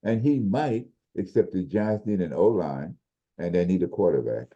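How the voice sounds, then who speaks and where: A low-voiced man talks football on a podcast, his tone dark and mellow. He explains things in a measured way, often restarting sentences mid-thought. The audio is dull and lo-fi. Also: expressive. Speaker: podcast co-host, football analyst. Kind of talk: casual sports chat.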